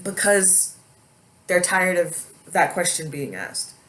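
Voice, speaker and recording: A woman vlogger speaking slowly and haltingly, holding back tears as she talks to her viewers. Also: deep voice, fairly bright tone. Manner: slow, halting, emotional. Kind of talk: emotional personal vlog.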